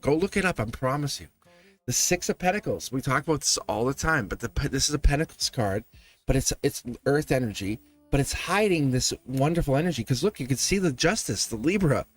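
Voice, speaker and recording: A man giving a live tarot reading to his viewers, talking animatedly, acting out quoted voices and laughing often. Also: mid-range voice. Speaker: tarot reader.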